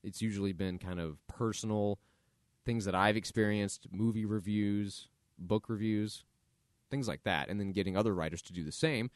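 In a lowish voice at a moderate pace, a podcast host talks casually on his own, working through his thoughts aloud with fillers. It's studio quality, with no echo.

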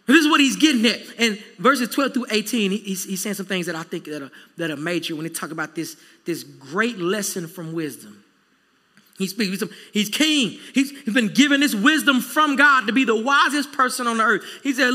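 A man preaches a sermon, chatting easily and then pushing up to emphatic peaks. His voice sits very high and sounds sharp and bright, with long reverb trailing behind it. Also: normal speed. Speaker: pastor.

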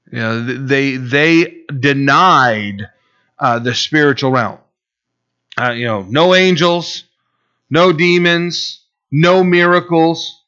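A male pastor preaches in a loose, conversational way, often slipping into quick acted-out voices of the people in his Bible story. His voice sits a little high for a man and sounds bright and forward. The recording is dull and lo-fi. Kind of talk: sermon.

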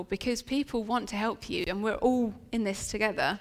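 A woman's voice: medium pitch, moderate pace. Woman preaching in a reverberant hall. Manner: earnest, chatty storytelling with restarts. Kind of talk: sermon. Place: church venue. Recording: long reverb of a church hall.

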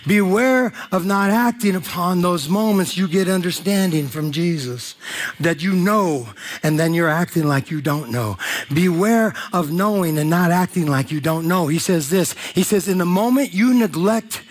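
A man preaching a sermon, animated and joking with the congregation in a church hall. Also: high voice, moderate pace. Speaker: pastor.

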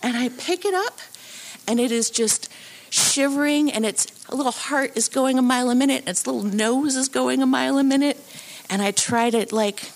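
A woman telling a true story live on a theatre stage into a microphone, animated and acting out the voices of the people in it. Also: a little high, normal speed. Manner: animated, acts out voices and sounds.

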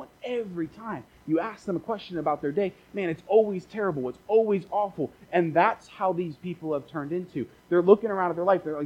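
A man's voice: high voice, a little fast, hardly any pauses, husky, lo-fi sound. A man preaching a casual, conversational sermon as a pastor, repeating phrases for emphasis and dropping joking asides.

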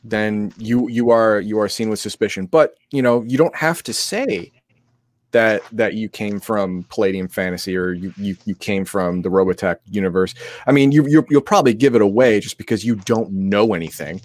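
A man co-hosting a tabletop game live stream in casual chat, halting with frequent restarts, somewhat sick. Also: fairly low pitch, dry recording.

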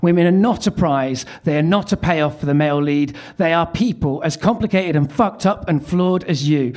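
A man's voice: a little high, moderate pace, a little mellow. A man doing stand-up, reading aloud his old teenage love letter with wry, self-mocking asides. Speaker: comedian.

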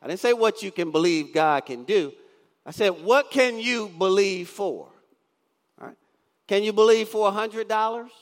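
A man's voice: high-pitched, a little fast. A male pastor in his fifties preaching a sermon, often asking the congregation questions and reading scripture aloud. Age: 50s. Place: church sanctuary. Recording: long church reverb.

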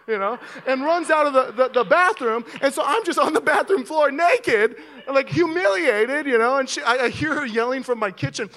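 A young man preaching as a pastor, telling a comic story to his church and getting loud and animated at the funny parts. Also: extremely high pitch, a little fast, hardly any pauses. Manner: animated storyteller, voice rising sharply with excitement. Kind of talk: sermon with a comic personal story. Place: church auditorium with audience.

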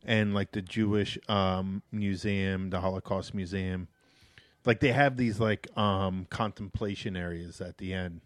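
A man's voice: sits low, steady tone, a little slow, no echo. A man co-hosting a podcast, chatting casually and teasing his co-host, with many "like" fillers. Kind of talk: casual chat.

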